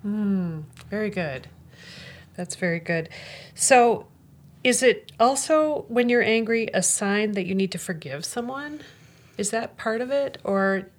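Woman host, interviewer, soft, encouraging, mid-pitched. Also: animated, measured pace. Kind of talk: interview, brief backchannels and questions.

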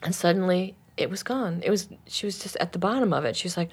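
Woman workshop leader, animated storyteller, acts out the voices. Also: lowish voice, quick pace, hardly any pauses, husky. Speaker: anger and forgiveness workshop leader. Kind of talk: storytelling in a conversation.

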